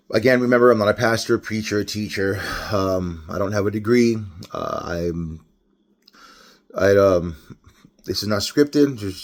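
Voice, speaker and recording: A man from Los Angeles with a Los Angeles accent, giving a casual, rambling, unscripted devotional talk with many restarts. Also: lowish voice. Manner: casual, rambling, self-correcting, laughs often. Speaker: lay devotional speaker.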